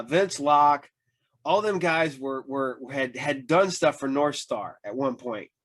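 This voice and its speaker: This podcast host has a medium-pitched, fairly bright male voice. Chatting casually, he tells meandering stories stuffed with filler words and performs the lines of the people in them.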